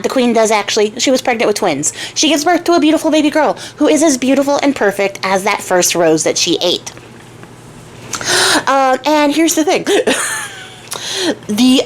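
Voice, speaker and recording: Brief: young woman, a bit high voice, playful fairy-tale storyteller, faint hiss behind. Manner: chatty and playful, addresses viewers as "you guys", laughs often. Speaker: storyteller and crafter. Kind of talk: casual storytelling.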